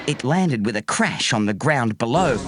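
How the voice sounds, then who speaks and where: A woman reading a children's book aloud in a slow, expressive way. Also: a bass voice, over loud music. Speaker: audiobook reader.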